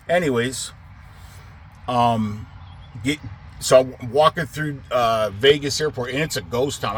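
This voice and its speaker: A middle-aged man rambles through a trucking story in a casual monologue, cursing freely. His voice sits at an ordinary pitch for a man, and he grows heated and loud as he retells it. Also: slightly rough. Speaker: trucking company owner.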